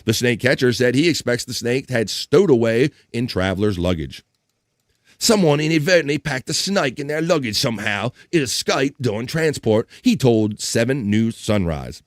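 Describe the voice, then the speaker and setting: Animated jokey male stream host. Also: mid-range voice, moderate pace, no echo, studio quality. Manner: animated, jokey, reads chat aloud. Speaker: live-stream show host. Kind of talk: casual news read and chat.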